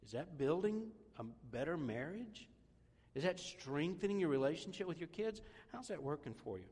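Conversational pastor preaching in reverb. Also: male voice, a little high, big pitch swings, normal speed, darkish tone, husky. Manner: conversational, self-deprecating joking. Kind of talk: sermon.

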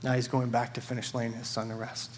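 A man voicing a tearful female nurse in a soft, earnest way. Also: mid-range voice, completely flat delivery, fairly quick, slight background noise, voice pushed down, natural voice. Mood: sad.

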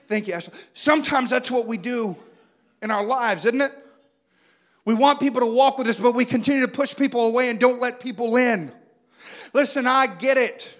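A man, preaching a sermon that swings between loud urging and quiet, intimate passages. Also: very high voice, normal speed. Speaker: pastor.

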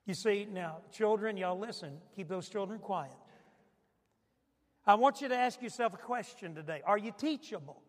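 High-voiced preacher in a reverberant hall. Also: male voice, moderate pace. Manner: preaching with rising intensity and rhetorical questions. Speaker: pastor. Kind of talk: sermon.

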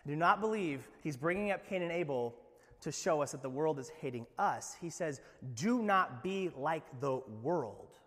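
High-voiced preacher in an echoing hall. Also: male voice, expressive. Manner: conversational and joking, with quick asides. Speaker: pastor. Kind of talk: sermon.

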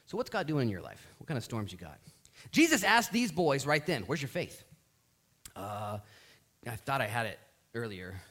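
A male pastor delivers a sermon with lots of rise and fall in his voice. He tells the story in an animated way and acts out the lines of the people in it. He sounds like he is speaking in a church. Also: medium pitch, normal speed, long pauses.

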